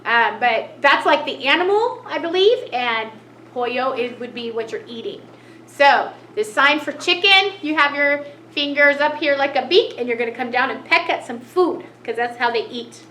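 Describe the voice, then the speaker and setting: A woman's voice: high voice, lively intonation, moderate pace, pushed and bright. A woman teaching a cheerful children's lesson, gasping with delight at each new picture. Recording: echoey room, faint noise.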